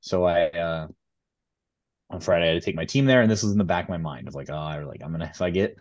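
Talking fast in a deep voice, this young man shares a story on the podcast he co-hosts, easygoing and peppered with fillers and laughter. He's a high school tennis coach, and the recording sounds muffled.

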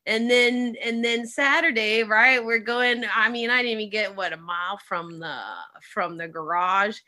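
A woman's voice: fairly high pitch, moderate pace, pushed and bright. A woman in casual chat, telling a long story with lots of fillers, swearing and laughing.

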